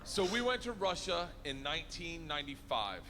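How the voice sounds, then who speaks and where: A man doing stand-up, telling a story loudly and excitably with plenty of swearing. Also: fairly high pitch, moderate pace. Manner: loud, excitable storytelling with profanity. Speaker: stand-up comedian. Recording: stand-up recording with steady background noise.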